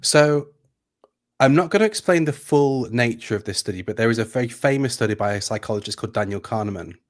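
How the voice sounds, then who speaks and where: Reflective British coach on a video call. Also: male voice, mid-range voice, lively intonation, quick pace. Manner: thoughtful, hesitant restarts, storytelling. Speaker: guest, executive coach. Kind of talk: livestream interview.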